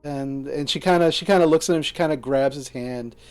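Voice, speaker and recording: A man's voice: fairly high pitch, brisk, a little mellow, clear, resonant tone, soft background music. A man narrating a tabletop game as game master, hesitant and full of fillers.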